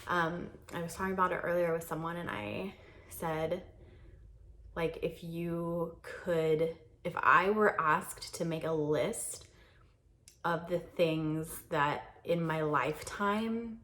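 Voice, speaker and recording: A woman's voice: on the low side, a bit bright. A young woman vlogger chatting candidly to a camera on a tripod in a carpeted guest room, rambling with many fillers and laughs. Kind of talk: casual chat to camera.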